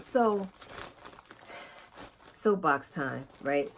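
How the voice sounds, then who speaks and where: Low, gravelly-voiced chatty woman vlogger. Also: slow pace, long pauses, slight background noise. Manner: chatty, animated, talks straight to viewers. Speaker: knitting vlogger. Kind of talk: casual vlog chat to viewers.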